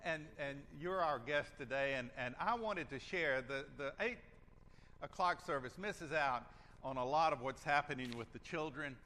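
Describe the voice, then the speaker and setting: A man with a Southern American accent, speaking as a pastor to his congregation in a gentle, chatty way with some restarts. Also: on the high side, moderate pace, a little hiss or hum. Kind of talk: casual church announcements. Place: church sanctuary. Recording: hall reverb with faint ambience.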